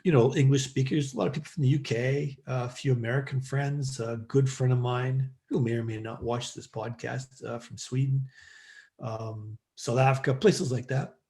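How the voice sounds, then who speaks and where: A man's voice: medium pitch, normal speed. Rambling Canadian-raised man telling stories. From Western Canada. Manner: rambling, animated storyteller with many fillers. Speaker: podcast guest. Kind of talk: casual storytelling interview.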